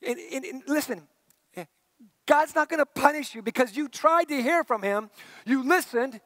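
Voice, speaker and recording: A middle-aged male pastor preaching a sermon in a conversational way, dropping to a hush and then rising to emphatic points. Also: extremely high pitch, moderate pace, no room sound. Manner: conversational preaching, swinging between hushed and emphatic.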